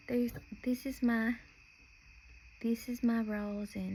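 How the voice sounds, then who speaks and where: A woman's voice: on the high side, level tone, takes it slowly, long pauses, dark tone, a little hiss or hum, poor audio. A young woman from Nashville, talking in a rambling, chatty podcast monologue that often breaks off and restarts mid-sentence. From Nashville, Tennessee. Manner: chatty, meandering, self-interrupting. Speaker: podcast host.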